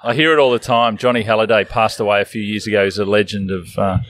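A man, a guest coach, relaxed and chatty, telling stories with a laugh. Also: on the low side, quick pace, no echo. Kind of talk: casual interview chat.

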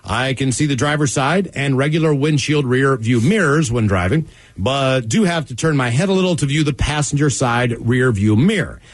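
Lively, laughing radio host man. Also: medium pitch, moderate pace, no room sound, studio quality. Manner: laughs often, mimics listeners' voices. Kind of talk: reading listener emails on air.

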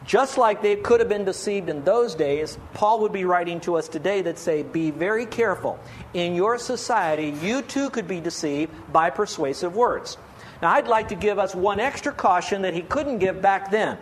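Man, pastor, sermon, earnest and pleading, high voice. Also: expressive, moderate pace, a little hiss or hum. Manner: earnest, pleading, asks many rhetorical questions.

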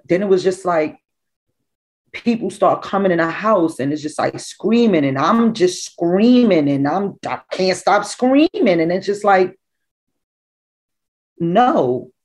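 Low-voiced middle-aged woman giving testimony. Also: poor audio. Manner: raw, emotional storytelling with animated quoted voices. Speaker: bereaved mother. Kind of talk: personal testimony.

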